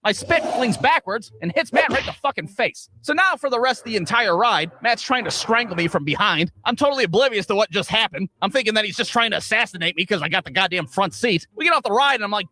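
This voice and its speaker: A man telling a comedic story from the United States, in a profane, animated rant. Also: sits high, quick pace, few pauses. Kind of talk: comedic monologue.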